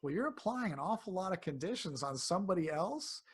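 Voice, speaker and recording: A man being interviewed as a health coach, speaking casually and acting out quotes in animated voices. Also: sits high, fairly quick, husky. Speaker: cancer coach guest.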